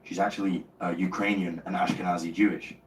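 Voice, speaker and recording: A man's voice: low voice, level tone, fast talker. A man telling a rambling mock testimonial, filling gaps with "you know what I mean". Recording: echoey distant clip with faint noise.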